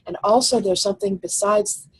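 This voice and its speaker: A woman's voice: medium pitch, big pitch swings, moderate pace, vocal fry, husky, rough recording. A woman teacher giving a recorded slide lecture, explaining step by step and thinking aloud with fillers.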